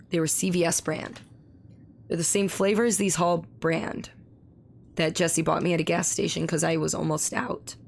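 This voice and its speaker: A woman streamer in casual live-stream chat, with a hoarse, strained voice, who swears freely and talks back to her chat. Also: on the low side, slight background noise. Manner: chatty, swears freely, reads chat aloud.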